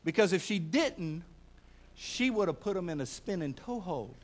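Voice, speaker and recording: Preaching at a normal speed, a middle-aged pastor stammers along folksily before building to loud, emphatic high points. His male voice sits high and is expressive.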